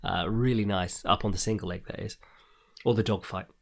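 A man's voice: on the low side, fairly even intonation, a little fast, vocal fry. A man hosting a casual fight-sports podcast, rambling and profane, often laughing at his own asides. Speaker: podcast host. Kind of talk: casual MMA commentary podcast.

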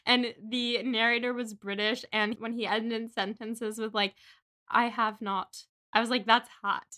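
Young woman co-hosting a book podcast, bright voice a bit high, chatty, swears some. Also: level tone, moderate pace. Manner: chatty, swears, acts out quotes. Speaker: podcast co-host. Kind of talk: casual book-club chat.

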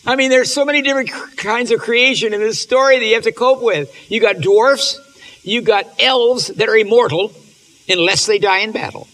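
Man, lecturer, fairly high voice, bright, animated, emotional. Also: normal speed. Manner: animated, emotional, often restarting sentences. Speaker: speaker on literature and faith. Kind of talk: lecture with readings.

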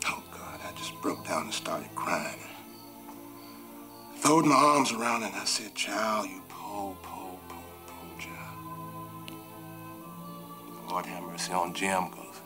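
With music playing behind him, a deep, sing-song voice carries this 1980s TV film drama performance. The actor is a gentle, contrite runaway on a raft who tells his story in a slow, heartfelt rural Southern US dialect, often lowering to soft whispers.

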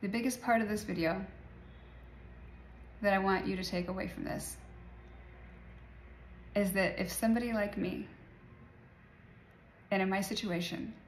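A woman's voice: mid-range voice, fairly even intonation, measured pace, long pauses, slight background noise. A woman in her forties talking casually to her viewers about energy and healing, rambling and laughing often. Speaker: spiritual vlogger. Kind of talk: casual spiritual talk to viewers. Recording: echoey room, faint ambience.

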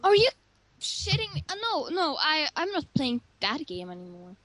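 A playful woman chatting with friends during an online match, her voice high and swinging widely in pitch. She jokes, teases and laughs at her own mistakes. The sound is dry and close, like a desk mic on voice chat. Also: sing-song, moderate pace, fairly bright tone, no echo. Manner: playful, joking, self-mocking. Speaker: gamer playing with friends. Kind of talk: casual gaming chat.

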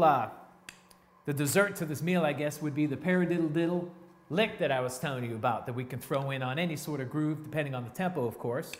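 A man teaching a drum lesson in a relaxed, step-by-step way, counting beats aloud between grooves. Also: medium pitch. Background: drum playing.

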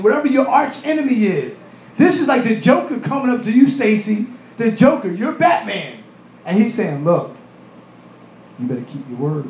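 A male pastor with a high, bright voice delivers an animated sermon. He slips into acted voices and laughing asides. The sound carries a roomy church echo with faint ambience behind it. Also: a little hiss or hum. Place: church hall.

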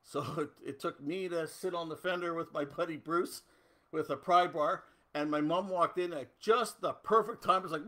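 A man's voice: a little high, normal speed, fairly bright tone. A middle-aged man from Canada hosting a casual livestream, chatting loosely and answering viewer comments. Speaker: host.

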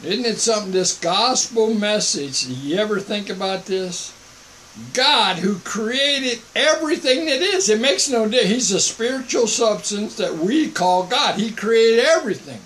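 An older man preaching informally to the camera, switching between mock calm and sarcastic emphasis. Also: very high-pitched, measured pace, slight background noise, rough recording.

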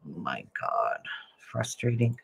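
A woman's voice: rumbling low, sing-song, takes it slowly, creaky, a little hiss or hum. A woman crafting vlogger chatting casually to the camera as she works, often muttering to herself in exasperation.

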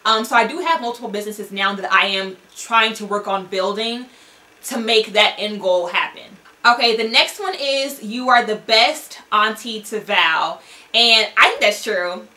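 A woman's voice: medium pitch, moderate pace, pushed and bright. A young woman vlogger chatting candidly to camera in a casual, rambling way, full of likes and ums.

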